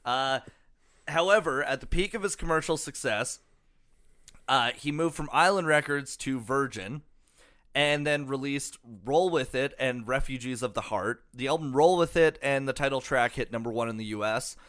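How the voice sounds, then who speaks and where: A man's voice: medium pitch, moderate pace, fairly bright tone, smooth. A man co-hosting a casual comedy podcast, reading out a musician's history with lots of fillers and swearing. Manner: profane, filler-heavy storytelling. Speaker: podcast co-host.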